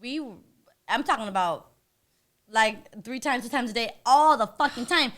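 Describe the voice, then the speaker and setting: A woman chatting casually, telling stories loudly with lots of swearing and laughter. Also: fairly high pitch, lively intonation, moderate pace. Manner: loud, profane, laughing storyteller. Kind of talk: casual chat.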